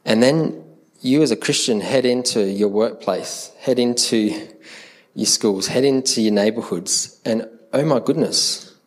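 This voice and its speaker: Animated Australian pastor preaching. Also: male voice, medium pitch, measured pace. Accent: Australian, Adelaide. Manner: conversational, animated, acts out quoted voices. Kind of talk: sermon.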